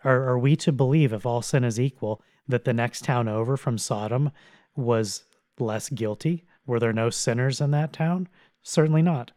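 An earnest man talks through scripture on a theology podcast at a middle pitch, in a dry, close recording. He explains at length and sometimes restarts a phrase. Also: moderate pace, darkish tone, no room sound.

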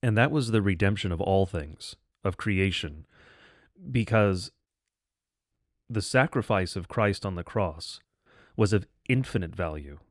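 A man co-hosting a theological podcast, speaking in a measured, emphatic way. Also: deep voice, expressive, no echo, studio quality.

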